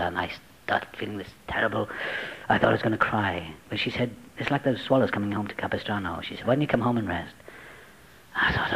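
A man telling his recovery story to a group, acting out the voices he quotes and dropping to a hush at tense moments. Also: fairly low pitch, quick pace, gravelly, breathy edge, poor audio. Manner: dramatic, acts out quoted voices, drops to hushed tones. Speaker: speaker sharing a recovery story. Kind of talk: personal testimony, storytelling.

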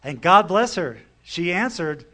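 Wry storytelling man, higher voice. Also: animated, measured pace, bright, forceful tone, a little hiss or hum. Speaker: recovery meeting speaker. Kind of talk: personal story told to an audience.

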